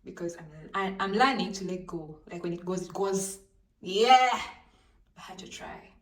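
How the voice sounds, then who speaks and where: Animated woman telling a storytime on her phone. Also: fairly low pitch, normal speed, distant mic. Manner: animated, dramatic storytelling, addressing viewers as you guys. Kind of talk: casual storytime vlog. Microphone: handheld phone. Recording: roomy echo, voice off-mic, faint background noise.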